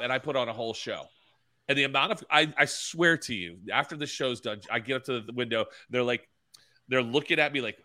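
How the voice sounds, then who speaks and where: A male podcast co-host with a bright, forward voice. He tells stories with gusto and acts out the characters in them. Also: mid-range voice, quick pace. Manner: animated storyteller, acts out scenes. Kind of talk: casual chat.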